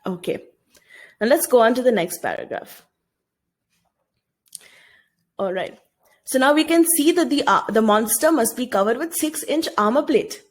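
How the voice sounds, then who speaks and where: A woman's voice: on the high side, expressive, normal speed. A woman teacher giving a recorded video lesson, reading a story aloud and explaining it, often asking her students questions.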